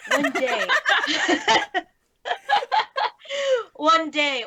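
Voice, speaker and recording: A woman's voice: sits high, fairly bright tone. A woman guest on a podcast, laid-back and playful, chatting and reading a synopsis. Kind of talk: casual chat and read synopsis.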